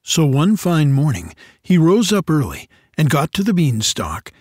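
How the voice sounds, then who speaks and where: A man reading a fairy tale aloud in an expressive, unhurried storytelling manner. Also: a little high, slightly rough, no room sound, studio quality.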